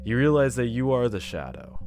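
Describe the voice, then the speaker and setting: A man's voice: medium pitch, sing-song, brisk, noisy background. A man reading a story game's text aloud, making joking remarks between the lines. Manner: reads narration, breaks into laughs and jokes. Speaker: gamer playing a text game.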